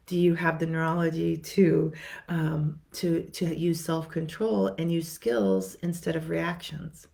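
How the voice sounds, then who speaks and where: A woman's voice: low-pitched, gravelly, a little mellow. A woman therapist giving a conversational teaching talk to viewers, repeating words and acting out what clients say.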